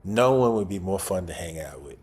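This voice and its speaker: A man's voice: sits low, lively intonation, fairly quick, a little mellow, slight background noise. A man in his sixties, a guest actor in a casual interview, talking in a laid-back way with chuckles and repeated phrases. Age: 60s.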